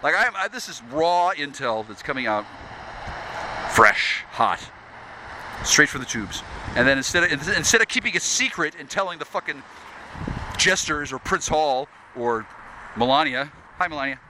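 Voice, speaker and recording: Very bright-voiced American man ranting. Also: a little high, animated, moderate pace, a little hiss or hum, poor audio. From United States. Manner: agitated, swearing, stammering restarts. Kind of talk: profane rambling rant.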